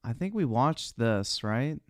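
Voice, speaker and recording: A man's voice: mid-range voice, expressive, slow, no room sound, clean studio sound. A man giving casual, profane commentary on a live stream as he reacts to clips, laughing often. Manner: laughs often, swears freely.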